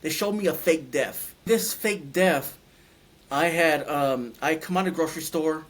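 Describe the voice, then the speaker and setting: A man recounting a personal experience as a guest, speaking in halting phrases and searching for words. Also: a little high. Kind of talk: personal storytelling.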